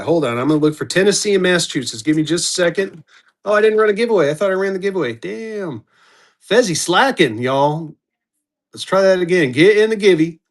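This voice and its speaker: A man hosting a live-stream auction, chatting casually and calling out bidders as they come in. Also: a little high. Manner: upbeat, chatty, calls out bidders.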